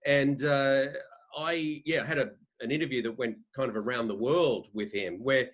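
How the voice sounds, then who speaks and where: Australian man, fifties, guest on a podcast, loose rambling storyteller, average pitch. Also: moderate pace. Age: 50s. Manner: rambling anecdotal, frequent restarts. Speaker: podcast guest, sports editor. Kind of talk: casual interview storytelling.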